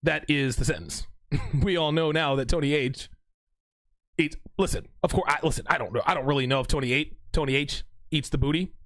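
A young man hosting a livestream, reading out chat messages with animated, joking banter and mock courtroom lines. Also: a little high, brisk, dry recording.

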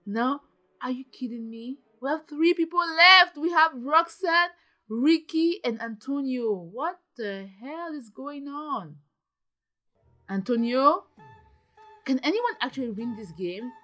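A young woman giving casual, excitable commentary while playing a video game, gasping and exclaiming often. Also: high voice, takes it slowly, soft background music. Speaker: gaming channel host.

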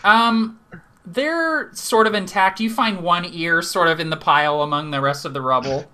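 A man's voice: high voice, normal speed, bright, forceful tone, a little hiss or hum. A man running a live tabletop game as game master, narrating the action vividly and laughing easily.

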